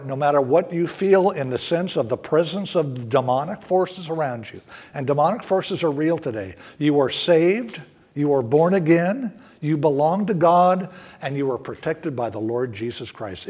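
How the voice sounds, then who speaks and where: A man's voice: a little high, lively intonation, normal speed, darkish tone, husky. A male pastor preaching a sermon to a congregation in a church, with earnest, emphatic rises on key words. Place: church sanctuary.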